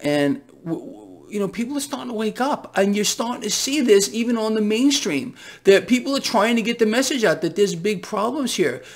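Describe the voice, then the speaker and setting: A man's voice: high-pitched, lively intonation, normal speed, hardly any pauses. A man hosting a casual market commentary vlog, talking in an emphatic, sarcastic, ranting way. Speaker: financial commentator host.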